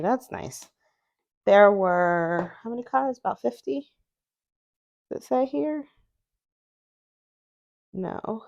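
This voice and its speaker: A woman's voice: mid-range voice, big pitch swings, slow pace, creaky, long pauses, darkish tone. A woman chatting casually as she reviews an oracle deck, reading card words aloud and musing about them. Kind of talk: casual unboxing chat.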